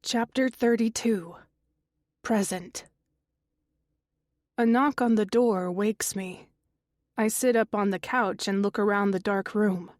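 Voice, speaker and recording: A woman narrates a suspense audiobook at a slow, deliberate pace. Her voice sits at an ordinary pitch and sounds dry and close, with no room around it. She raises her pitch when voicing the quoted characters. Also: fairly even intonation, no echo. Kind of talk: scripted narration.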